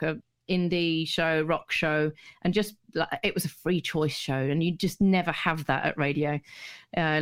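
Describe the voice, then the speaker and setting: A middle-aged woman, a radio DJ telling stories in a casual, rambling chat full of restarts and laughter. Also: fairly low pitch. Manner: rambling and chatty, many restarts, laughs easily. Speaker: radio DJ, guest.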